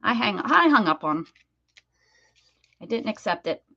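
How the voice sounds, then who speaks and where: The host of a crafting channel chats casually and rambles while she crafts, often correcting herself mid-sentence. Her mid-range voice is very animated, bright, forceful, and slightly rough with vocal fry, at a moderate pace, recorded in dull lo-fi audio with faint noise.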